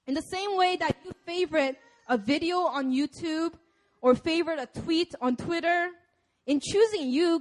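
High-voiced young woman preaching casually. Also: moderate pace. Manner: casual and conversational, laughs often. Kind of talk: sermon.

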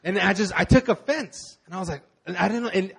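Young male pastor, high voice, casual halting sermon, candid and personal. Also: gravelly, slightly rough. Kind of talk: conversational sermon.

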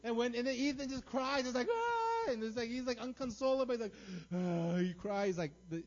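A man in his thirties preaching a sermon, telling stories with lots of energy and checking in with the crowd by asking "right?". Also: high voice. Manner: animated storytelling, frequent "right?" tags. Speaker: pastor. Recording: dull lo-fi recording.

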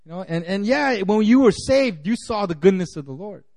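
A man's voice: high-pitched, animated, normal speed, darkish tone. A man preaching a sermon as pastor, in a conversational way full of "you know", acting out the voices he quotes.

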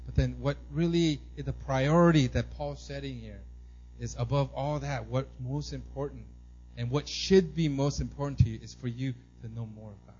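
With a medium-pitched voice at normal speed, a pastor in his thirties tells family stories in a conversational sermon, often asking "right?" and animatedly mimicking his son's excited squeals. The recording's high frequencies are cut off.

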